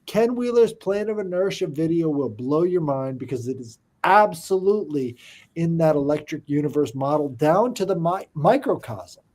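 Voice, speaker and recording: A man's voice: on the high side, animated, normal speed, a little mellow. A man in casual conversation, explaining big ideas emphatically and often asking if the listener follows. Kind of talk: casual chat.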